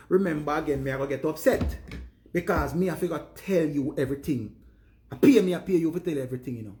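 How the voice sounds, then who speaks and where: A man's voice: on the high side, brisk, a little mellow. Earnest Jamaican man speaking Patois. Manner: earnest, preachy Patois rant. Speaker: live streamer. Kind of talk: casual monologue to viewers.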